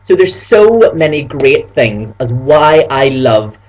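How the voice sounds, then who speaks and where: A man's voice: mid-range voice, big pitch swings, slow pace, a little mellow. A man with a Northern Irish accent chatting casually and upbeat to his viewers, with frequent fillers. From Northern Ireland. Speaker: vlogger. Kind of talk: casual chat to camera.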